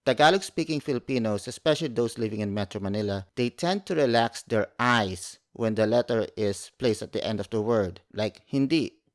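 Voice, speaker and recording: A man's voice: on the low side, fairly quick, hardly any pauses. A man teaching a language lesson, speaking carefully, repeating each word and spelling it out letter by letter.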